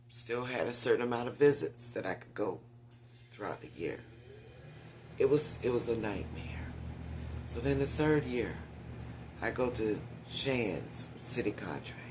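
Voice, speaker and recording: A man's voice: lowish voice, noisy background. A man in a casual vlog monologue, chatting directly to viewers with frequent whispered asides and getting short of breath when he talks for long.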